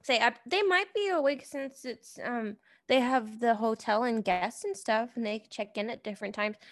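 A woman's voice: fairly high pitch, normal speed, natural voice. A woman voicing a polite, slightly hesitant young girl in a tabletop game.

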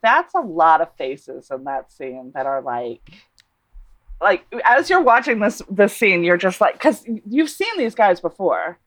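A woman chatting casually as a podcast co-host, laughing and animated. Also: on the low side, a little slow. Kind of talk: casual chat.

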